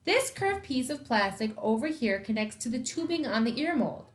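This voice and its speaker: A woman's voice: on the high side, very animated, moderate pace. Storybook read-aloud: woman voicing a jokey, reassuring male ear doctor. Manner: cheerful, reassuring explanations.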